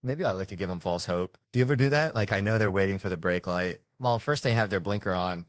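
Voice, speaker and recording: A man's voice: low-pitched, fast talker, no room sound, clean studio sound. A man doing stand-up, telling a rambling observational bit in a loose conversational way. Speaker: stand-up comedian. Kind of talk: stand-up storytelling.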